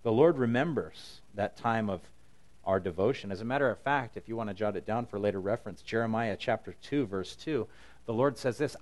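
A man's voice: on the low side, a little fast. A middle-aged man preaching a sermon in an earnest, conversational way, paraphrasing scripture in his own words. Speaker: pastor.

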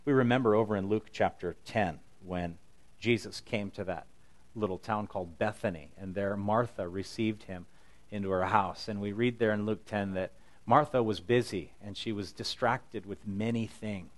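A man's voice: on the low side, moderate pace. Earnest man preaching a sermon. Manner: earnest, conversational preaching with paraphrased quotes. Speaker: pastor.

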